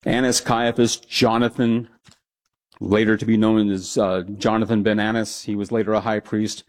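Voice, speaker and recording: A man's voice: lowish voice, level tone, normal speed. A man, a pastor, teaching a Bible passage in a conversational sermon, with frequent asides and restarts. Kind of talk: expository sermon.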